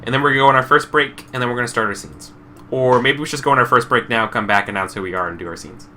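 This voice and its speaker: A man's voice: medium pitch, rapid-fire, bright, forceful tone, a little hiss or hum. A man hosting and running a tabletop game, rambling casually and trailing off with self-deprecating restarts. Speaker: game facilitator and show host. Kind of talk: casual chat while setting up a tabletop game.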